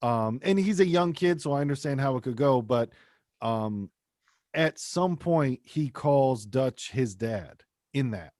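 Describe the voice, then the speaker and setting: A man co-hosting a podcast, chatting casually and acting out quoted lines with lively, profane storytelling. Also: medium pitch, unhurried, no room sound, clean studio sound. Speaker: podcast co-host. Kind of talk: casual chat.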